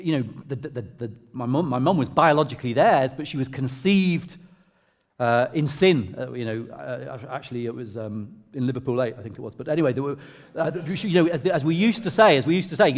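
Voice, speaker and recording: A middle-aged English vicar sharing a personal testimony in church, in a conversational, self-deprecating storytelling way. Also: male voice, medium pitch, expressive, fairly quick. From England. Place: church hall. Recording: long reverb of a large hall.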